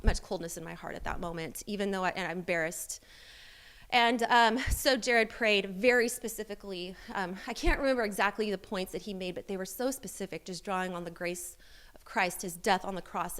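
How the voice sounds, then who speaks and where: A woman's voice: medium pitch, fairly bright tone, clear, resonant tone. A woman sharing a personal church testimony, candid and self-deprecating, with many fillers and restarts.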